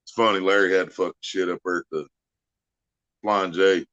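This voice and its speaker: A man's voice: low voice, steady tone, normal speed, fairly bright tone, no echo. A man from the United States hosting a casual, profane chat, telling crude stories and laughing through them. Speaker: podcast host. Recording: dull lo-fi dry recording.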